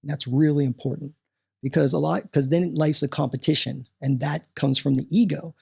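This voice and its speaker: A man talking as a podcast guest and coach, animated and motivational, often tossing in "right?" as he talks. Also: on the high side, moderate pace, vocal fry, slightly rough.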